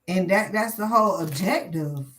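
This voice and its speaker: A woman's voice: on the low side, normal speed, noisy background. Blunt, profane woman tarot reader. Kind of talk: live tarot reading.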